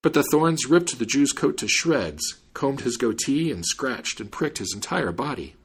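A man reading a fairy tale aloud in an expressive, animated way. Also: medium pitch, unhurried, husky. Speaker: storyteller.

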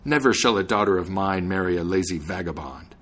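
A man's voice: low voice, animated, brisk, a bit bright, breathy edge, full character voice. A man voicing a stern, anxious old father in a fairy tale. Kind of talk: storybook reading.

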